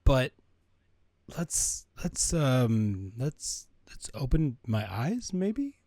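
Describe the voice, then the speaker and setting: A man's voice: mid-range voice, big pitch swings, drawn-out words, mellow, no room sound. A man co-hosting a podcast in casual chat, hesitant, laughing often and restarting his words. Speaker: podcast co-host.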